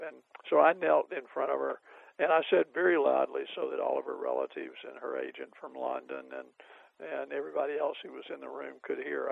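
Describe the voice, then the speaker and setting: A man's voice: on the high side, gravelly, no room sound, phone-quality sound. An older man, an author being interviewed, telling rambling anecdotes with many fillers and chuckles. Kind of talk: anecdotal storytelling.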